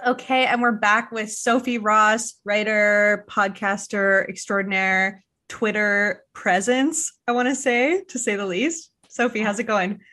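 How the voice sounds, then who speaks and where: A woman hosts a casual podcast conversation. She talks in a chatty, loose way, laughing often and dropping quick, joking asides between her points. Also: medium pitch, steady tone, sharp tone, soft background music. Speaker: podcast host. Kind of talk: casual interview chat.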